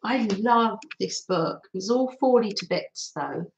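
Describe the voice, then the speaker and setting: A woman's voice: mid-range voice, expressive, slow pace, vocal fry, highs cut off, a little hiss or hum. An older woman hosting a casual craft livestream, gushing over her materials and answering viewers' comments as she works.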